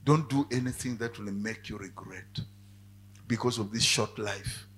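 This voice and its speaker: A male preacher giving a sermon, dropping to quiet asides and then rising to loud, emphatic cries. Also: on the low side, unhurried, slight background noise.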